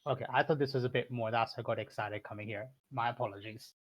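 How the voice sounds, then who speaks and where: A man's voice: mid-range voice, steady tone, quick pace, a little hiss or hum. A man playing a tabletop game, talking in a sheepish, apologetic way. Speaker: player. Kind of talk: casual tabletop game chat.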